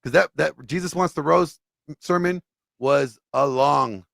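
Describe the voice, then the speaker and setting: A man speaking as a podcast guest, adding animated, casual commentary and quick agreements. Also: fairly high pitch, vocal fry, no echo, clean studio sound.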